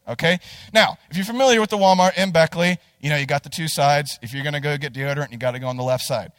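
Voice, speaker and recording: Young male youth pastor, humorous sermon storyteller, slightly high voice, dry recording. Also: no echo, big-room sound. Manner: animated storyteller, addresses listeners directly.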